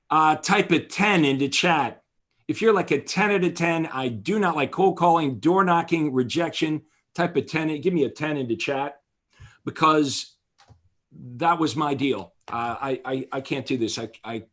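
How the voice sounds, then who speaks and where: A man's voice: on the high side, a bit bright. Man, seminar host, motivational, talks straight to the audience, online conference. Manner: motivational, addresses audience directly, asks for chat replies. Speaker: real estate coach and conference host. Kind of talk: energetic seminar presentation.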